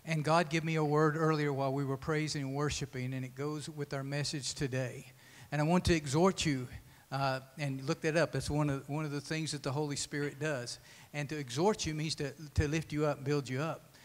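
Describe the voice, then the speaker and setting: A man preaches earnestly, pitched slightly high, and his voice rings out through the long reverb of a church sanctuary. He presses forward quickly, then slows to hammer home repeated lines. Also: fairly even intonation. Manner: earnest exhortation, quick with slow emphatic repeats. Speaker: pastor. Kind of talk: sermon.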